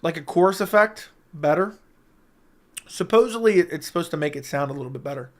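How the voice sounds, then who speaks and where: A young man hosting a casual livestream from a room at home, talking close into a studio mic, joking and crude, with sudden loud bursts. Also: a little high, lively intonation, brisk. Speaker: livestream host. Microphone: close studio mic with audio interface.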